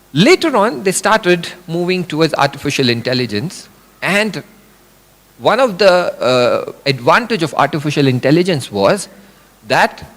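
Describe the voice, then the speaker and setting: Man, middle-aged, religious lecture, lively pitch, slightly high voice, long hall reverb. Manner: animated explaining with examples and acted quotes. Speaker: religious speaker.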